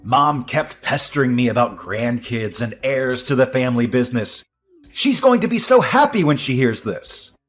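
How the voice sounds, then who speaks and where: An actor playing an entitled young husband who defers to his mother, dismissive and prone to excited outbursts. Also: mid-range voice, moderate pace, faint music behind. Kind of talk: audio drama acting.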